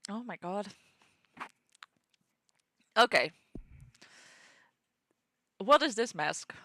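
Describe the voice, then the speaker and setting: A woman streamer giving casual gameplay commentary, excitable, laughing and swearing freely. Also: medium pitch, extremely slow, no room sound. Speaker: let's play streamer.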